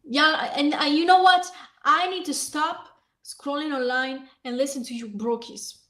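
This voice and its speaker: High-pitched woman ranting angrily. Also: steady tone, unhurried, fairly bright tone. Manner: heated, profane, ranting while reading aloud. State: hoarse. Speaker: vlogger. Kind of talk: angry reaction rant.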